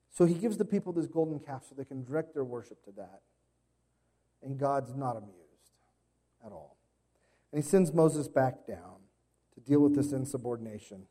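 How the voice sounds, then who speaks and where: Conversational man preaching, mellow voice. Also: mid-range voice, husky. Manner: conversational storytelling with playful impressions. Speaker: pastor. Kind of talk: sermon.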